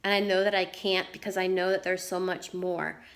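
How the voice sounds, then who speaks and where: A woman's voice: lowish voice, little pitch movement, moderate pace. Earnest storytelling woman vlogger. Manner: earnest, storytelling, repeats herself for emphasis. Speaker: writer vlogger. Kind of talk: candid personal vlog rant.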